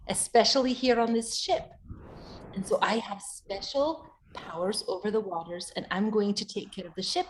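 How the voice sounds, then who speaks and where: A woman voicing a gentle adventurer who speaks quietly and coaxingly. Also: medium pitch, a little hiss or hum, pitched below the performer's own voice, natural voice.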